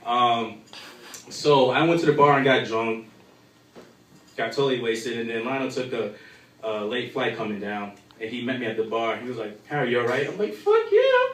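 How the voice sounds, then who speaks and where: A man's voice: medium pitch, steady tone, moderate pace, a bit bright, slight background noise. A young man doing a crude, rambling stand-up set full of fillers at a live comedy show in a bar. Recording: echoey room from far off.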